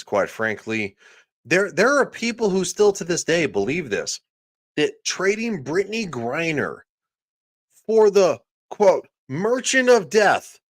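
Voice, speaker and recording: A man's voice: mid-range voice, dry recording, clean studio sound. A man hosting a livestream, ranting sarcastically and crudely, often reading out viewers' chat comments. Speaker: livestream host.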